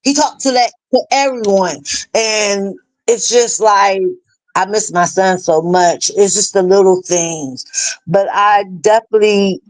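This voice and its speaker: A middle-aged woman telling a personal story as an interview guest, halting and earnest, full of fillers and restarts. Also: medium pitch, no echo, poor audio. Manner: earnest, plain-spoken. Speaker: interview guest, bereaved mother. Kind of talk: emotional personal storytelling in a live chat.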